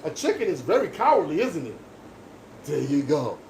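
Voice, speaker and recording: A man's voice: a little high, very animated, normal speed, darkish tone, recorded from a distance. A man talking casually while he works as a barber, speaking in an emphatic, lecturing monologue. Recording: echoey room with background noise.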